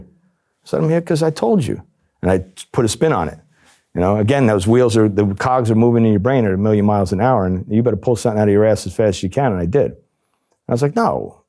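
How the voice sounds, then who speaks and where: A man's voice: low voice, fast talker. A middle-aged man from New Jersey, a former undercover agent, telling his story in an interview and acting out the voices of the people he quotes. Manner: animated, acts out quoted voices.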